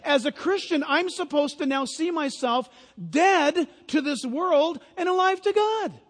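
A man preaching a sermon, animated and emphatic, building to loud peaks as he drives his points home. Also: very high-pitched, measured pace. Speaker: pastor. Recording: long hall reverb.

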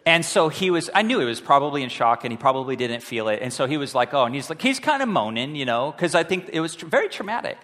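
A man, a high school pastor, preaching a sermon as an animated story, acting out the voices of the people he quotes. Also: fast, few pauses. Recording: long hall reverb.

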